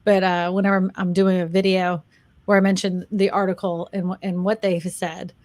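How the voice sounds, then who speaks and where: A woman's voice: lowish voice, little pitch movement, moderate pace, a little mellow, no echo. Chatty self-deprecating woman, dry sound. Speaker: co-host, real estate agent and YouTuber. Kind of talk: casual chat.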